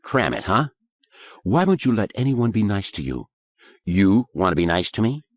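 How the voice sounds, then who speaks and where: A man's voice: on the low side, big pitch swings, normal speed, dry recording. A man reading an audiobook, voicing a hostile, crude teenage boy. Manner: snarling, crude.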